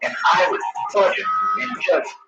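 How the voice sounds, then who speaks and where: Halting male caller on echoey archival radio. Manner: halting, rambling storyteller who searches for words. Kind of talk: telling a ghost story on a call-in radio show. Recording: dull, distant, echoey archival radio broadcast with loud music.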